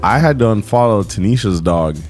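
A man co-hosting a podcast, telling stories in relaxed slang with plenty of swearing. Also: lowish voice, a little fast, faint music behind. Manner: laid-back storytelling with slang and swearing. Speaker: podcast co-host. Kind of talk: casual podcast banter.

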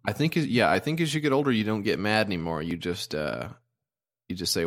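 A man with a very deep, low-pitched voice chats casually as a podcast co-host. He rambles along with plenty of ums, uhs and restarts. He sounds like he's in his thirties. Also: animated, a little fast. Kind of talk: casual chat.

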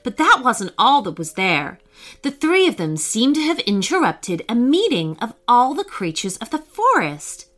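A woman reading a children's story aloud, expressive, giving voices to each character. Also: fairly high pitch, unhurried, faint music behind.

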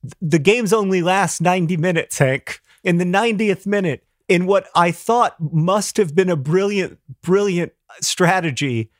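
A man's voice: sits high, dry recording, studio quality. Playful middle-aged man on a podcast. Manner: rambling, playful, quick to laugh. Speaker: podcast co-host. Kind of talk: casual chat.

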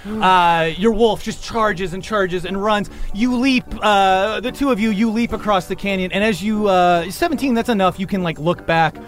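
A man's voice: high-pitched, normal speed, soft background music. A man narrating a tabletop game as game master, loose and laughing, with many fillers.

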